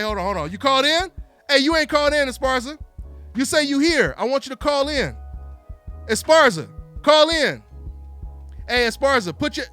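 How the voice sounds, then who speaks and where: A man hosting a solo live call-in boxing talk show, animated and taunting, calling out listeners over and over. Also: very high voice. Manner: animated, taunting, repeats himself.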